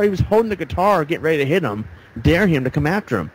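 A man's voice: sing-song, quick pace, slightly rough. Rambling man telling stories. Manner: rambling storyteller, acts out quotes. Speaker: podcast host. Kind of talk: casual chat. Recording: faint background noise, low-quality audio.

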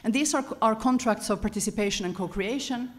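A woman giving a lecture-style talk to an audience, animated and often correcting herself mid-sentence. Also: fairly high pitch, brisk. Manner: animated, self-correcting, chuckles between points. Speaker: conference speaker.

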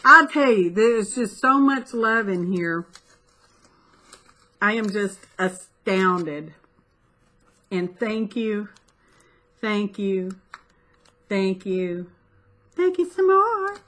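A woman's voice: medium pitch, extremely slow, pauses often, sharp tone. A middle-aged woman in a casual, chatty craft vlog, gushing with delight as she opens mail. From United States. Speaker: craft vlogger. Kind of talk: casual unboxing chat.

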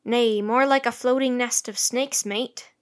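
A woman's voice: medium pitch, moderate pace, a bit bright, natural voice. A woman voicing a jittery male sailor in a storybook reading, speaking in old-fashioned, ominous sailor talk. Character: jittery male sailor spinning scary tales. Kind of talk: storybook read-aloud.

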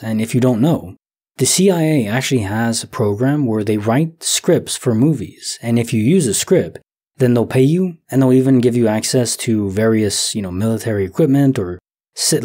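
Brief: thirties male sleep story narrator, slow and reflective, dark husky tone. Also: medium pitch. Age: 30s. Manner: slow, soft, reflective, thinking aloud. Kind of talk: calm musing commentary on listener stories.

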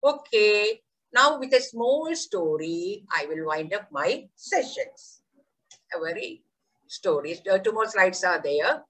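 A woman teacher leading an online workshop on theatre in education, telling a story in an enthusiastic, animated way over a video call. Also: mid-range voice, slow, low-quality recording.

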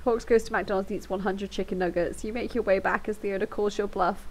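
A woman's voice: mid-range voice, steady tone, fairly quick, slight background noise. Brief: woman, casual game streamer, reads aloud, giggly and foul-mouthed, headset mic. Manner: giggly, swears freely, breaks into laughter. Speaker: livestreamer. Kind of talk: casual livestream, reading game text aloud. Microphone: headphones with a microphone.

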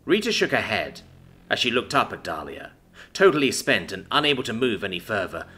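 A man giving a scripted, expressive dramatic reading of a fantasy story. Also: fairly low pitch, a little fast, breathy edge. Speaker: story narrator. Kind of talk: scripted narration.

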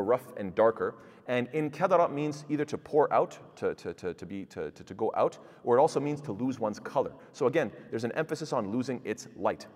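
A man's voice: mid-range voice, long reverb tail. A man giving a Quran lecture in a mosque, explaining verses through rhetorical questions to his audience and reciting the Arabic in classical pronunciation. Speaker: Quran teacher. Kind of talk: tafsir lecture. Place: mosque hall.

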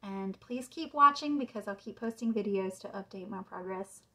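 A woman author reading a children's chapter book aloud with a measured, suspenseful delivery. Her voice sits in a middle range. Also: mid-range voice, a bit bright, poor audio. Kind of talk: storybook read-aloud.

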